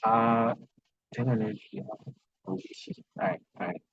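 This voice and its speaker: Husky Ghanaian man teaching on a call. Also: medium pitch, steady tone, dry recording. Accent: Ghanaian English. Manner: halting, many restarts and repeated words. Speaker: programming instructor. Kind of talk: online lecture with screen sharing. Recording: dull lo-fi online call audio.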